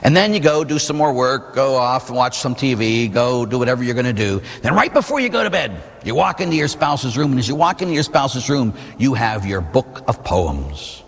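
Catholic priest man preaching, lively ups and downs, bit husky, big echoey church. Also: medium pitch, brisk, few pauses. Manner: animated, storytelling, rhetorical "huh?" asides. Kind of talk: sermon. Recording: long hall reverb.

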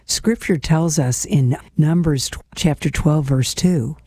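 A woman speaks in a mellow, warm voice, hosting a devotional program. Her talk is earnest and personal, reflecting on scripture as if chatting with friends. The recording is dry and close, with no room sound. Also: low voice, slow, breathy edge, dry recording. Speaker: host of a devotional show.

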